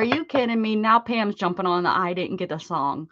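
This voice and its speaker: A chatty woman greets viewers one by one on her art livestream, playful and quick to laugh. The sound is dull and dry, close and slightly muffled. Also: mid-range voice, big pitch swings, fairly bright tone, no room sound. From United States. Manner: chatty and playful, laughs often, sings short welcome jingles. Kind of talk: casual chat greeting viewers.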